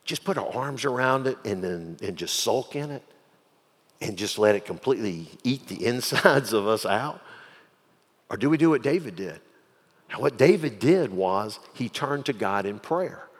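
A male pastor preaching a sermon, swinging from quiet reflection to loud, fervent pleading. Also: medium pitch, animated, moderate pace. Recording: long hall reverb.

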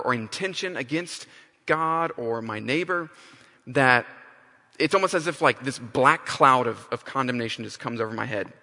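A man's voice: mid-range voice, sharp tone. A man preaching a sermon, emphatic, often restarting and repeating phrases. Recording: long hall reverb.

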